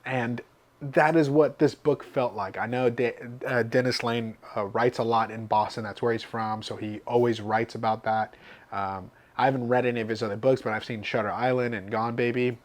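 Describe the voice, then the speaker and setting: A man's voice: medium pitch, fairly even intonation, normal speed. A man giving an enthusiastic, chatty book review as a vlogger.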